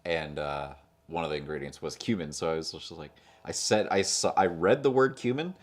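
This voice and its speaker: A man's voice: sits low, fairly quick. A young man co-hosting a casual movie chat, rambling with lots of fillers and restarts and joking around. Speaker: podcast co-host.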